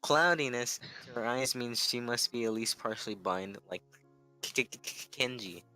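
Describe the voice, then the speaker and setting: A man's voice: mid-range voice, moderate pace, pushed and bright, soft background music, rough recording. A man casually reading a visual novel aloud with a friend, often stumbling over words and restarting. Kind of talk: casual read-along chat.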